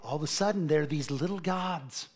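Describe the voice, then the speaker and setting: A middle-aged male preacher telling funny stories in a sermon, animated and laughing, acting out the voices of others. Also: fairly high pitch, moderate pace. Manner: animated, laughing, acts out quotes. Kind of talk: humorous sermon storytelling.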